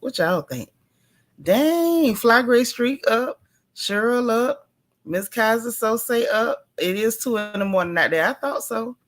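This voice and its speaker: A woman's voice: on the high side, unhurried, a bit bright. A woman hosting a casual early-morning livestream, talking in a half-whisper, a little tired after a migraine and greeting viewers by name. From Texas. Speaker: livestream host.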